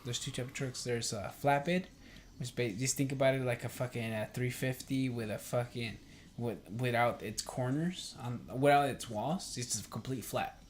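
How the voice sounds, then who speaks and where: In a mid-range voice with fairly even intonation and moderate pace, a young man hosts a podcast, chatting casually and rambling, heavy on fillers and swearing. Quoted talk gets a livelier, acted-out voice. A little hiss or hum is audible.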